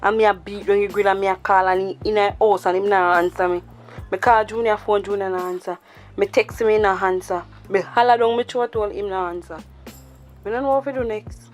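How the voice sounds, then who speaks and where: Woman cast as a Jamaican woman in a drama, pleading patois, middle pitch, soft music under, worried about her man. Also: fairly even intonation, fairly quick, close to an everyday voice. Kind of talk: low-budget drama acting.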